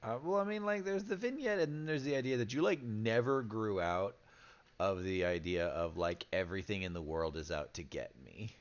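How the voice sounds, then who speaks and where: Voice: medium pitch, expressive, normal speed. A player in a tabletop game chat, teasing and wry, often trailing off. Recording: lo-fi mic with faint background hum.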